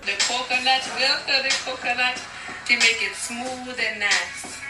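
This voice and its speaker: Young woman doing a sing-song put-on Jamaican cooking-show host, homemade video, a bit high, far off in an echoey kitchen, music playing. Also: fairly even intonation. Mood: playful. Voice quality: sing-song put-on accent, drawn-out phrases. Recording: echoey room, far from the camera mic, music behind.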